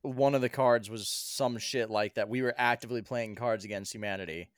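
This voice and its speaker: A man's voice: medium pitch, steady tone, brisk, clean tone, dry recording, clean studio sound. Laid-back joking man on a podcast. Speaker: podcast co-host. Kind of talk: casual chat.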